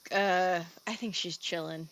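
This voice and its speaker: A woman's voice: lowish voice, steady tone, measured pace, fairly bright tone, low-quality recording. A woman playing a tabletop game, talking casually and giggling often. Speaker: player.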